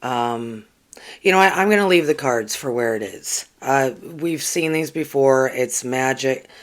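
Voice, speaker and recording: Slow, rambling livestream host. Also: mid-range voice. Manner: rambling, with frequent ums and restarts; earnest and chatty, talking directly to viewers. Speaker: spiritual channel host. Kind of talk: casual livestream with oracle card readings.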